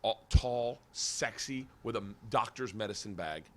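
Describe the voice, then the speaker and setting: A man hosting a podcast, telling a wild story in a casual chat, laughing often and shouting the quoted lines. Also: lowish voice, normal speed. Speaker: podcast host.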